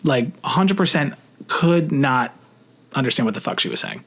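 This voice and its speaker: A young adult man casually telling a story to camera, chatty and profane, full of "like" fillers, rushing some phrases and drawing out others. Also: mid-range voice, very animated, a bit bright. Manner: shifts between rushed and drawn-out phrasing. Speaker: vlogger.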